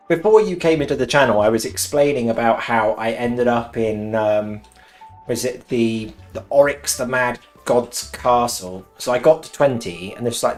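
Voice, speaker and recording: Male streamer, West Country origin; chatty, excitable gamer voice at an ordinary pitch over soft background music. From West Country, England. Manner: excitable, laughs often, swears. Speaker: game streamer. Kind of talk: casual live-stream chat while gaming. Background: faint cheerful game music.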